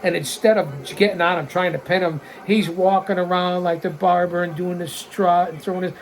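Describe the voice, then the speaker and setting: A man's voice: high-pitched, moderate pace, few pauses. Man in his sixties, watch-along host, rowdy cussing play-by-play, faint noise behind. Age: 60s. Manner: excitable, blunt and profane, calls out mistakes. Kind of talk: wrestling watch-along commentary.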